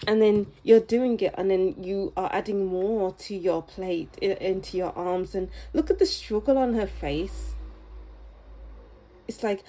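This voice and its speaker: A woman giving a pick-a-card tarot reading in a soft, musing, unhurried way that often sinks to a low near-whisper. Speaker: tarot reader.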